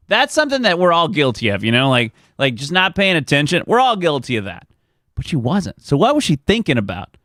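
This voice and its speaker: A man's voice: fairly high pitch, sing-song, moderate pace, fairly bright tone, no room sound, clean studio sound. Rambling man telling stories. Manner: rambling storyteller, chuckles often. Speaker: streamer. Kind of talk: casual chat with live chat.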